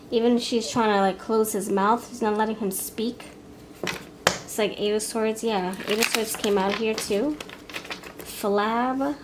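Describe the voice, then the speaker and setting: A woman's voice: mid-range voice, background noise. A woman giving a pick-a-card tarot reading, thinking aloud in a rambling, frank way with many fillers and restarts. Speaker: tarot reader.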